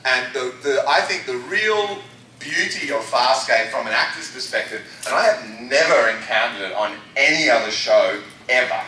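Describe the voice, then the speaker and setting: A man's voice: mid-range voice, lively intonation, moderate pace, bright, forceful tone, slight background noise. An Australian man talking about his acting work on a convention panel, rambling with lots of restarts. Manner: rambling, enthusiastic, many restarts. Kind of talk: casual panel talk. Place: large convention hall. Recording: echoey hall recorded from far off.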